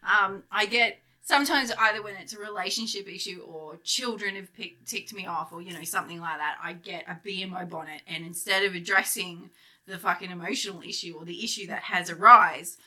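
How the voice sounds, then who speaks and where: A woman's voice: on the low side, steady tone, fairly quick, bright, forceful tone. A middle-aged Australian woman co-hosting a podcast in candid casual chat, swearing freely and laughing often. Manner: swears freely, laughs often, acts out her own outbursts. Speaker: podcast co-host.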